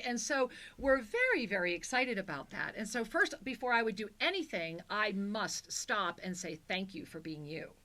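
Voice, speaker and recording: A woman hosting a live spiritual call-in show, effusive with endearments and easing into a soft guided-meditation delivery. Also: a little high. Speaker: spiritual talk show host.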